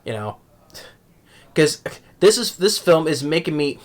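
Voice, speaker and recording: A man's voice: on the high side, big pitch swings, unhurried. A young man giving a rambling, exasperated movie review rant at home, tripping over his words and restarting often.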